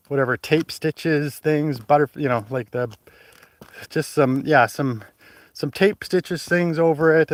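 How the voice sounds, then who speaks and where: A man chatting on a livestream while hiking up a mountain trail outdoors, rambling and laughing, short of breath from the climb, talking into a phone at arm's length. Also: fairly high pitch. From Canada. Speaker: hiking vlogger and livestream host. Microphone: phone held at arm's length.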